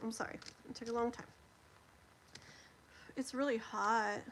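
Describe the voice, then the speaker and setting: A woman's voice: fairly high pitch, fairly even intonation, measured pace, long pauses, a bit bright, a little hiss or hum, poor audio. A middle-aged woman, chatting casually and rambling with lots of fillers as she does a live tarot stream.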